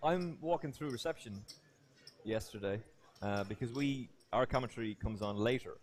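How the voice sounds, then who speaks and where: A man commentating live poker, chatty and telling lively stories. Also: medium pitch, normal speed. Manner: chatty anecdotal storyteller, animated in stories.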